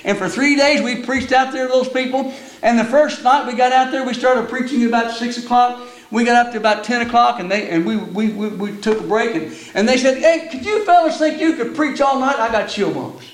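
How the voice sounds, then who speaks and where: A man's voice: very high-pitched, fairly even intonation, a little fast. An older man preaching a sermon in a folksy storytelling way, often repeating words as he starts a thought. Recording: echoey room.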